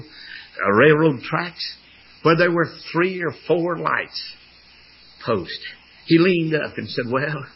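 An older man preaching a fervent storytelling sermon, with a raspy voice. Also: on the high side, highs cut off.

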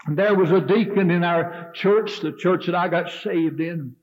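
A man, preaching a revival sermon with a fervent, rising and falling cadence in a church. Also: high-pitched. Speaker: Baptist preacher. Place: church sanctuary. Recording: dull lo-fi sermon tape.

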